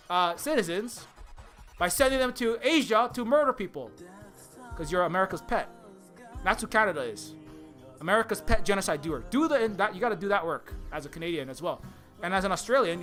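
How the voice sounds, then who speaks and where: A man speaks in a high, sharp, forceful voice, with faint music behind him. He delivers an angry monologue full of swearing. He stumbles and repeats words but keeps pressing his point. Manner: angry, profane, rapid-fire ranting with stumbles. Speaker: indie game developer. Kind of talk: political rant monologue.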